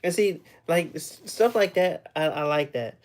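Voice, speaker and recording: A young man with a rather high-pitched voice, chatting casually with viewers on a livestream and laughing often. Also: unhurried. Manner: laughs often, loose and playful, teases chat. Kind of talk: casual live chat.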